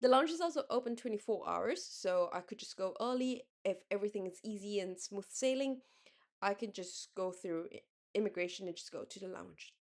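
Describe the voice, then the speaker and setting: A woman's voice: medium pitch, expressive, brisk. A young woman from Singapore rambling in a casual late-night vlog, correcting herself often and laughing as she talks. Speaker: vlogger.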